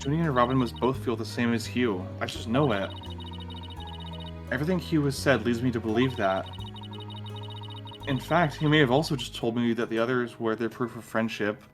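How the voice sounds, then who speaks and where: A man's voice: mid-range voice, moderate pace, pauses often. A man streaming a game with a friend, reading its dialogue aloud and chatting casually, often laughing and swearing. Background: game music.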